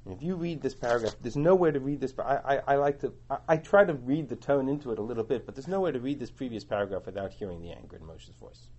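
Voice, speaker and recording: Husky animated man teaching a class. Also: medium pitch, fast, few pauses. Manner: animated, explaining, reads and translates passages. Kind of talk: Torah class lecture. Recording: dull lo-fi recording.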